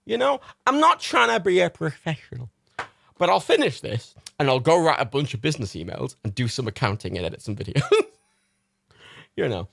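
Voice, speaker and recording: A man's voice: fairly high pitch, very animated, a little fast, creaky, fairly bright tone, dry recording. A man hosting a livestream, a little tipsy, rambling casually with lots of laughter and swearing. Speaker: livestream host. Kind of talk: casual chat.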